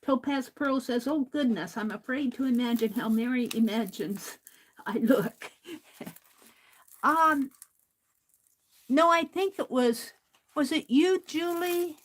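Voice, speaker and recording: An older woman with a fairly high voice chats slowly and easily as she crafts on a livestream. She talks to herself about her work and answers her viewers, laughing often. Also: low-quality recording. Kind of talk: casual crafting chat while reading viewer comments.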